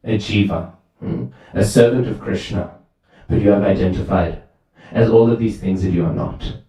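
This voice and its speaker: Storyteller as a patient, wise sage, low and mellow, far from the mic in a reverberant hall. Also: male voice, normal speed, lightly acted. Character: calm, wise male sage explaining patiently.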